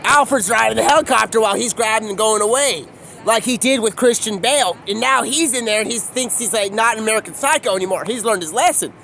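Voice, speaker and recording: A man's voice: high-pitched, fast talker, vocal fry, bright, forceful tone, slight background noise. A man telling a rambling, profane comic story outdoors, acting out all of the dialogue himself.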